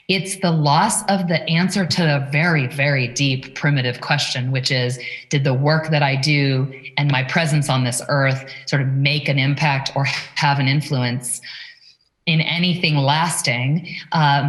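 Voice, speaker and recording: Woman coach on a podcast, really low voice, thoughtful, keeps asking big questions. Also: a bit bright. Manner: reflective, asks probing rhetorical questions. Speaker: leadership coach, guest. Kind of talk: casual interview talk.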